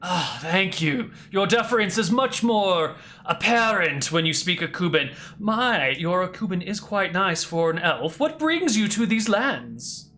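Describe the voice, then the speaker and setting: Haughty young prince, voiced by a game master, raised high, halting broken grammar, bright tone. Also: sing-song.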